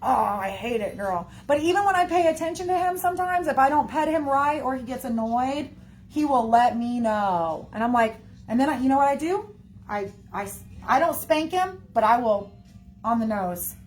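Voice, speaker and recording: A woman's voice: high voice, expressive, moderate pace, darkish tone, slight background noise. A woman chatting casually to her viewers in a rambling way, full of fillers and "y'all". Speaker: livestreamer talking to viewers. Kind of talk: casual chat.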